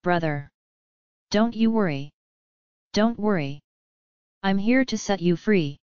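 A woman voicing a wily, sharp-tongued male Vaishnava devotee in an audiobook, with a teasing manner. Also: mid-range voice, expressive, takes it slowly, smooth, no room sound, dull audio. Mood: reassuring. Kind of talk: audiobook character reading.

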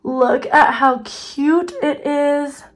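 A woman's voice: high voice, steady tone, drawn-out words. A woman in her twenties chatting to her phone camera in a casual try-on haul, bubbly and gushing, calling her viewers "you guys.". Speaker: fashion vlogger.

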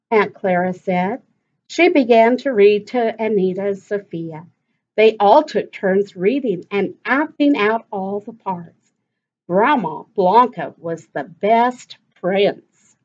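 A woman's voice: medium pitch, expressive, slow, a little mellow, dull audio. A woman teacher reading a picture book aloud to children, stopping to ask them questions. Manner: stops to ask listeners questions.

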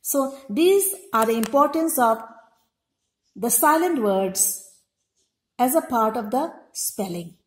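Woman, teacher, high voice, echoey room, spells words out letter by letter. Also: lively intonation, slow, long pauses. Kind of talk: classroom lesson.

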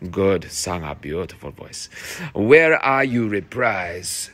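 A man's voice: low voice, big pitch swings, slow, a bit bright. A theatre director, a man, reading rehearsal notes to his cast, encouraging and fond of repeating phrases.

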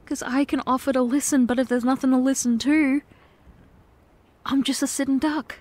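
A woman doing a whispered role-play as a girlfriend, speaking in a tender, pleading, soft-spoken way. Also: high voice, steady tone, moderate pace. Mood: concerned. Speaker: ASMR performer.

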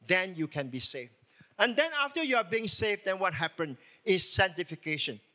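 A man's voice: high voice, big pitch swings, moderate pace, sharp tone. A man preaching a sermon as lead pastor, emphatic and full of rhetorical questions.

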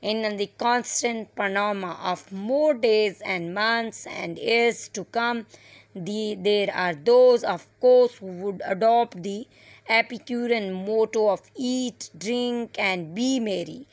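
A woman teacher giving an online English lesson, reading a passage aloud slowly and explaining word meanings with occasional fillers. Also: mid-range voice, dry recording. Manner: slow, deliberate reading with fillers.

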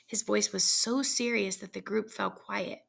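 A woman reading a classic story aloud in a plain, steady narration. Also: mid-range voice, measured pace, creaky. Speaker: reader.

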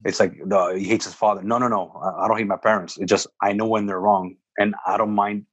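A man co-hosting a casual podcast about fathers, telling stories in an animated way and repeating words for emphasis. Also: on the low side, brisk, slightly rough, no room sound. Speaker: podcast co-host. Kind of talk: casual chat.

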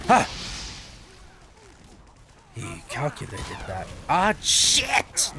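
Excitable man yelling over gameplay. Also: medium pitch, unhurried, pauses often, noisy background. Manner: excitable, yells and swears at the game; jokey self-talk. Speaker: gaming video host. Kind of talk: casual gameplay commentary.

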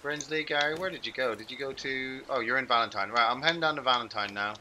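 Talking fast in a sharp, mid-range voice with a bit of hiss or hum, this man chats casually while playing a video game. As a game streamer he rambles, curses and keeps interrupting himself.

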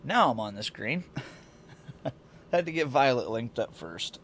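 Brief: man streaming games at home, groggy congested morning voice, rambling and chuckly, mid-pitched, slight hiss behind. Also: sing-song, unhurried, fairly bright tone. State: sleepy morning voice, congested sinuses. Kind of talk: casual game-stream chat. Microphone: desk mic.

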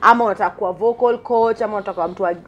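A woman hosting a casual talk show interview, bubbly and quick to laugh, mixing English with Swahili slang. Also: mid-range voice, highs cut off.

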